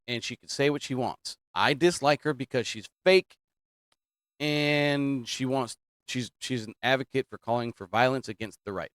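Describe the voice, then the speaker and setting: A man gives casual political commentary in an emphatic way. He keeps circling back to the same points and wanders into asides. His voice sits at an ordinary pitch and sounds dry and close, with no room echo. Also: a bit bright. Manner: repetitive, emphatic, digressing.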